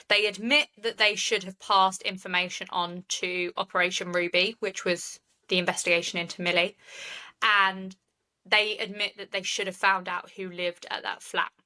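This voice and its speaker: A woman's voice: mid-range voice, bright, forceful tone, low-quality recording. A woman, co-hosting a podcast and retelling a case in earnest, opinionated chat. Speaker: true crime podcast co-host.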